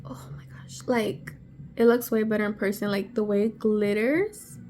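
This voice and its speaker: A woman vlogger unboxing on camera, excitable and gushing, gasping often and sometimes dropping to a breathy whisper. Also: medium pitch, normal speed, soft background music. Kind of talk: casual unboxing vlog.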